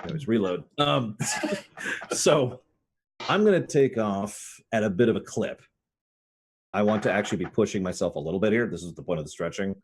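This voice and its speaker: A man taking part as a player in a tabletop game, talking in an animated, joking way with frequent restarts. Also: on the low side, normal speed, pauses often, slight background noise. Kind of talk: tabletop game play over voice chat.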